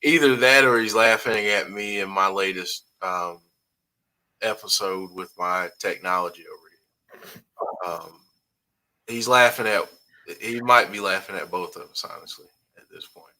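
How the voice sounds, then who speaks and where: Forceful-voiced man hosting a live chat. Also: lowish voice, fairly even intonation, unhurried, rough recording. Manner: reads viewer comments aloud, easygoing, chuckles often. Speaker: host. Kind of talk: casual live-stream chat.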